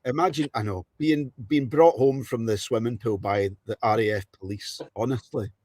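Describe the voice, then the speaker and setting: A middle-aged host chats in a relaxed way, reminiscing and asking easy questions. His voice is of middle pitch and sounds close and dry. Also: moderate pace, husky, dry recording. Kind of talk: casual chat.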